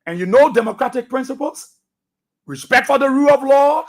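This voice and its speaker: Emphatic high-voiced Liberian radio host. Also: male voice, lively intonation, fairly quick. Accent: Liberian English. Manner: emphatic, repeats phrases, fires rhetorical questions. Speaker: radio talk show host. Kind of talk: commentary monologue. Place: radio studio.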